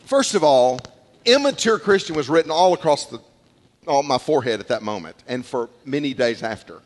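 A middle-aged male pastor preaching a sermon in church, telling stories in an animated way, repeating words and acting out quotes. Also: medium pitch, a little fast. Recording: long hall reverb.

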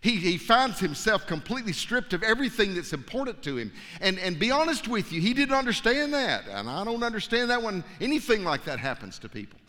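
A man preaching a sermon, telling a story with animated energy and stumbling repeats. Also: high voice, brisk, few pauses. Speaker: pastor. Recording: long hall reverb.

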